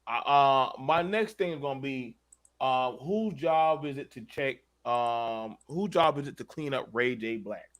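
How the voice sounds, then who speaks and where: A man hosting a casual panel chat, animated and swearing, with bursts of loud emphasis and speech. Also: mid-range voice, a little slow. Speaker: show host.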